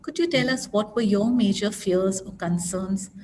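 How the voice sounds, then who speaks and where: A woman's voice: medium pitch, normal speed, warm tone. A woman moderating a panel discussion, polite and formal as she introduces speakers. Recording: distant mic, faint room noise.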